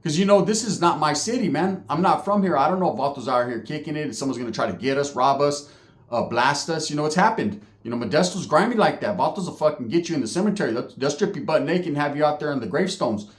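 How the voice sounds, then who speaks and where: A man's voice: a little high, lively intonation, fast talker. A man from California telling a story in a casual, profane, slangy way. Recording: roomy echo.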